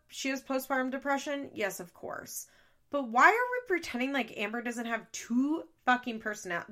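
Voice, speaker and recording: Woman podcast host, bright and forceful, casual profane recap delivery. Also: fairly high pitch, vocal fry. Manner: blunt, profane, exasperated.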